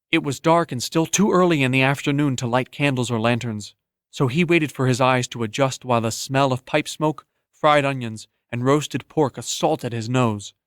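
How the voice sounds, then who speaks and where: A man narrating an audiobook in a steady, even storytelling manner, close to the mic. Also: medium pitch, clear, resonant tone, no room sound. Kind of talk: scripted narration.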